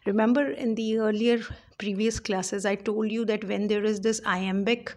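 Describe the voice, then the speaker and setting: A woman giving a poetry lecture, talking deliberately with frequent fillers and restarts. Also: medium pitch, fairly even intonation, darkish tone. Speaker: English literature lecturer.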